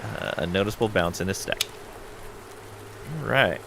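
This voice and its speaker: A man streaming a casual game playthrough, reading story text aloud in a relaxed way with asides. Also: low voice, normal speed, vocal fry, background noise. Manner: relaxed, with frequent ums and asides.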